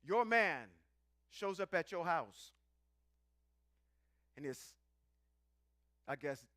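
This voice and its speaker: A man leading a live-streamed scripture teaching in a playful, animated way, calling out to the people in the room. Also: on the high side, very slow, no room sound, clean studio sound. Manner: animated, playful, calls out to the audience.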